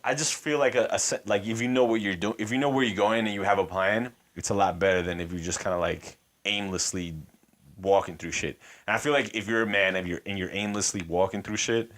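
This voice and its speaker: Deep-voiced male podcast co-host, laid-back, rambling, casual and profane. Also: fairly even intonation, fairly quick, fairly bright tone. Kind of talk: casual chat.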